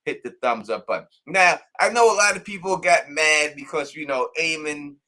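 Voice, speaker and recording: A man's voice: a little high, normal speed. A man hosting a live call-in stream, chatting casually and animatedly. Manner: animated, laughing, acts out characters. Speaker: show host.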